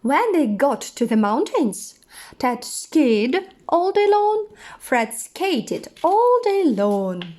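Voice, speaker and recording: A woman reading a children's picture book aloud, slow and expressive. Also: sits high. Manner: slow, expressive, sing-song. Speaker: storyteller. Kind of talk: children's story read-aloud.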